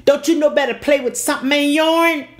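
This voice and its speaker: A woman playing a stern, angry father who scolds his young daughter with loud, sharp commands. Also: very high-pitched, lively intonation, fairly quick, voice pushed up. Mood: stern, threatening.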